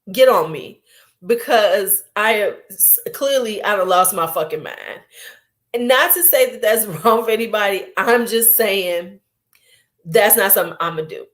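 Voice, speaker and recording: Woman in her forties, beauty vlogger, blunt, animated, self-mocking, casual chat. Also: mid-range voice. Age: 40s.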